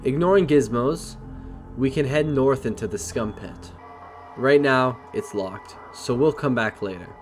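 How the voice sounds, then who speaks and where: Steady man narrating a game playthrough. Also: mid-range voice, unhurried, soft background music. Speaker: gameplay narrator. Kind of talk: let's play narration.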